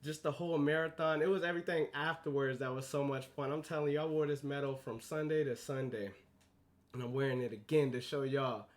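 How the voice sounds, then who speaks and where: A young man hosting a podcast, telling a story in a casual, animated way, acting out the quoted lines and swinging between loud and hushed. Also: medium pitch, fairly quick. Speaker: podcast host.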